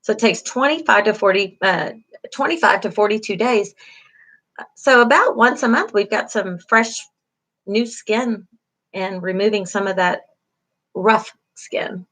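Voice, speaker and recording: Lecturing online at a measured pace, a middle-aged beauty school teacher speaks in a medium-pitched, fairly bright voice. Her style is encouraging and filler-heavy, with key terms repeated again and again.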